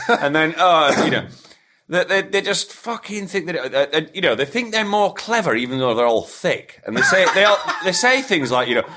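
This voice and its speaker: A man's voice: a little high, big pitch swings, moderate pace, sharp tone. A man hosting a podcast in casual chat, ranting with constant swearing and breaking into laughter. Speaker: podcast host.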